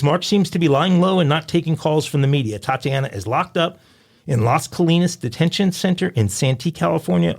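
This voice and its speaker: Gravelly man reading a crime story. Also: medium pitch, darkish tone. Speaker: podcast co-host.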